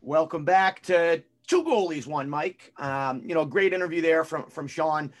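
High-voiced man, rambling co-host. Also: lively intonation, measured pace. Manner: rambling, hesitant, many fillers and restarts. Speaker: podcast co-host. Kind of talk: casual chat.

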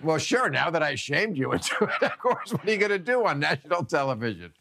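A male talk show host ribs his guest with quick laughs. His voice runs a little high and moves a lot in pitch. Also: big pitch swings, vocal fry, pushed and bright.

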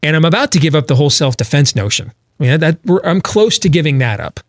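A man's voice: fairly high pitch, sing-song, fast talker, dry recording. A man hosting a political talk show, talking emphatically with rhetorical questions and frequent restarts.

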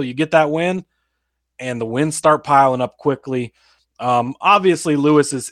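A man co-hosting a sports betting podcast, laying out his picks in a steady, explanatory, plain-spoken way. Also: medium pitch, no echo, studio quality. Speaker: podcast co-host. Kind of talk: casual sports betting analysis.

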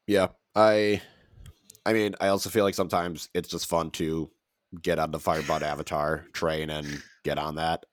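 A man's voice: a bass voice, little pitch movement, normal speed, dry recording, studio quality. A man co-hosting a podcast, chatting casually and rambling with frequent laughs. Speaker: podcast co-host. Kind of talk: casual chat.

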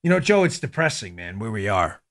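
A man hosting a political commentary talk show, animated and indignant, often calling his listeners folks. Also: on the low side, fairly quick. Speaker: host.

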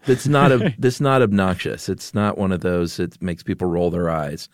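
A man with a fairly low voice co-hosts a podcast in relaxed, casual chat. He talks in an easygoing, rambling way and laughs easily. The recording is dry and close on a studio microphone. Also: normal speed, no echo. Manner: easygoing, laughs often, loose storytelling. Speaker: podcast co-host.

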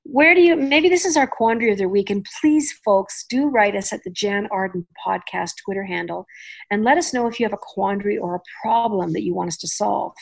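A middle-aged woman hosting a podcast, chatting in an animated way and laughing easily. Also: medium pitch, fairly quick, creaky. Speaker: podcast host. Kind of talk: casual chat.

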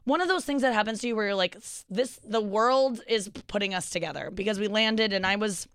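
A woman's voice: medium pitch, brisk, clear, resonant tone, no room sound, clean studio sound. A young woman from St. Louis telling a story in a casual, chatty podcast conversation, full of fillers. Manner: animated, chatty, lots of fillers and laughs.

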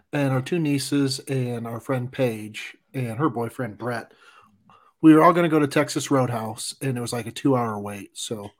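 A man who is a guest on a podcast, chatting casually and telling a relaxed story. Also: mid-range voice. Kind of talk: casual chat.

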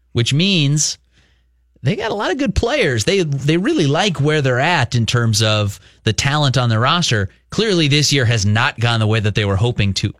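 A man's voice: medium pitch, a bit bright, no echo. Male sports reporter, analytical, long explanations, dry studio sound. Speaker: baseball reporter guest. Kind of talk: casual sports radio chat.

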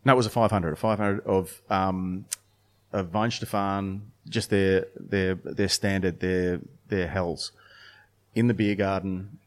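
A man talks in a loose, rambling way, stopping and restarting his sentences. His voice sits fairly low. He sounds like a brewer swapping stories in a relaxed podcast chat. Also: unhurried. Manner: rambling, many restarts and fillers, storytelling. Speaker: brewer and beer judge.

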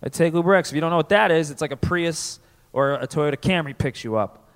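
A man's voice: a little high, fast talker. A man from Connecticut doing a loose, self-mocking stand-up comedy set, slipping into voices. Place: comedy club stage. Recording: live in a reverberant club.

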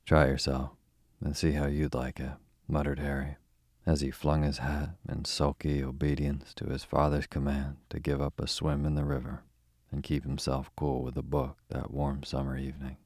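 A man with a very deep voice hosts a bedtime story podcast, chatting informally before reading a story aloud soothingly. He speaks at normal speed with few pauses, in clean studio sound with no room sound.

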